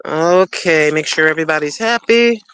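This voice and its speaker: Chatty woman with a bright voice. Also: low-pitched, normal speed, slight background noise, low-quality recording. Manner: chatty, rambling, fond baby-talk to her cat. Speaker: livestream co-host. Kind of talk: casual chat while gardening. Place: garden, watering plants.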